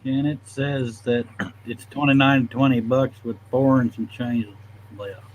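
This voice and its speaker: A man's voice: medium pitch, fairly even intonation, a little slow, a little hiss or hum, rough recording. A man chatting casually, throwing in wisecracks. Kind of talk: casual chat.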